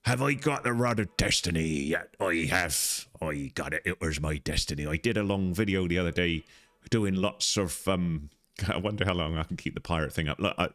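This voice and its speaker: Low-voiced man chatting through a game stream. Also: moderate pace, a bit bright, no room sound. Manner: chatty, playful, talks through what he is doing. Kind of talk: casual live-stream chat while gaming.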